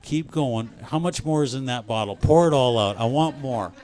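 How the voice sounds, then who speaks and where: A man's voice: mid-range voice, normal speed, darkish tone, lightly acted. A man voicing a thirsty male dog who keeps begging for more water in a pleading, insistent way. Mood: eager.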